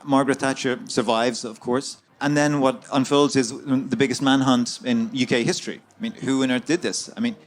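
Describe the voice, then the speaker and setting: A man's voice: mid-range voice, steady tone, normal speed, few pauses. A man, an author guest in an interview, recounting a story at length with many fillers and restarts.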